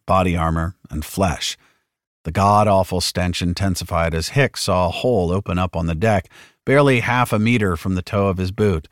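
A man reading an audiobook with dramatic narration, shouting the characters' lines at full force. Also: low voice, no room sound, studio quality.

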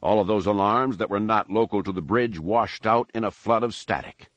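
A man giving scripted audiobook narration in a measured, dramatic reading. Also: on the low side, fairly bright tone, no echo.

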